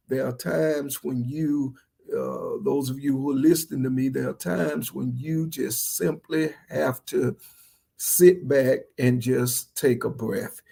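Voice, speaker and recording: Gravelly Southern US pastor preaching. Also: male voice, medium pitch, mellow. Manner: preachy, repetitive, rising to fervent energy. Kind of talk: livestreamed sermon.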